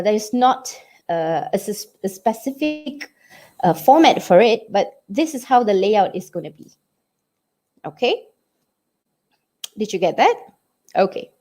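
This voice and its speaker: A woman's voice: on the high side, darkish tone. A woman English teacher with a Malaysian English accent, giving a lesson and checking in with students often. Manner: checks in often with "okay?" and "did you get it?". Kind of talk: classroom lesson.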